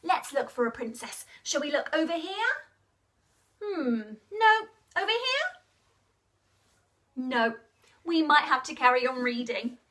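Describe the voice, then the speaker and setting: Snow White, as a woman plays her, a sweet high storybook princess. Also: animated, measured pace, fairly bright tone, distant mic. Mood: playful. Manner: sweet, sing-song, playful asides to listeners. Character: gentle young princess reading to children. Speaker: children's storyteller. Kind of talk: storybook reading to children.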